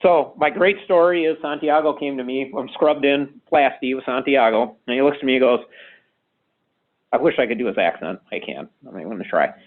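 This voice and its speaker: A man's voice: medium pitch, brisk. A man giving an informal medical lecture in a casual, conversational way, punctuated with frequent "okay"s. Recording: tinny phone-like sound.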